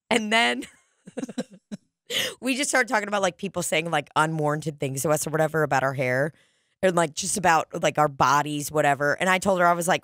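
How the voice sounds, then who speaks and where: A woman comic spinning a story in a loose, chatty way, swearing freely and leaning on "like" every few words. Her voice sits on the low side and the recording is dry and close, with no room around it. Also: fairly quick, fairly bright tone, dry recording. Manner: chatty, profane, peppered with "like".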